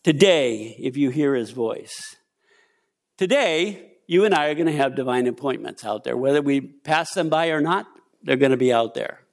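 An older man preaching a sermon, telling a personal story with animated delivery and acted-out quotes. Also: mid-range voice, moderate pace.

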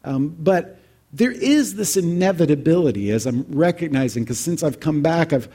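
A man's voice: on the high side, animated, moderate pace, dark tone, slightly rough. A man in his forties telling a heartfelt personal story to an audience in a reflective, conversational way. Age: 40s. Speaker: speaker addressing an audience.

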